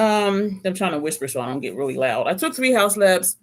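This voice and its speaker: Casual beauty vlogger, chatty, rambling, self-correcting, playful asides, medium-pitched voice. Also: animated, fairly quick, few pauses, background noise. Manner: laughs now and then, playful asides. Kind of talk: casual makeup review chat.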